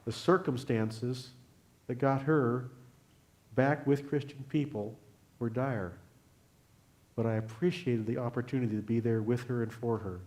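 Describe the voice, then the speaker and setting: An older man, a guest speaker at a church, telling a personal faith story in an earnest, unhurried way and closing in prayer. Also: medium pitch, steady tone, a little mellow. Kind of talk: sermon testimony.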